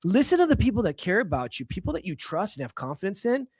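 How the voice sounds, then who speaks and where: A middle-aged man from Los Angeles tells his story as a podcast guest, with a somewhat high voice that keeps jumping up with emphasis. He often restarts his sentences. The sound is dry and close, with no room echo. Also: sing-song, fast talker, a little mellow, husky. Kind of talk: casual storytelling.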